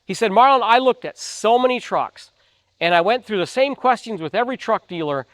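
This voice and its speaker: A middle-aged man with a fairly high voice talks as a truck dealer, earnest and emphatic, slipping into folksy stories to make his point. The sound is dry and close, with no room echo. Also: expressive, brisk, a bit bright. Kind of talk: sales advice talk to camera.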